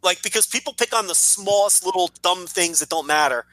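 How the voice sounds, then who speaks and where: A man's voice: high voice, a little fast, pushed and bright, dry recording, rough recording. A man co-hosting a wrestling podcast, ranting in casual chat, exasperated and sarcastic, with frequent swearing.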